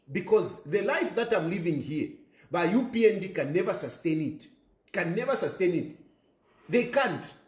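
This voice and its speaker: Emphatic Zambian man, animated and echoey. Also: high-pitched. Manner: emphatic, repeats phrases, mixes languages, laughs between points. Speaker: political commentator. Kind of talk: impassioned monologue. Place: rented apartment abroad.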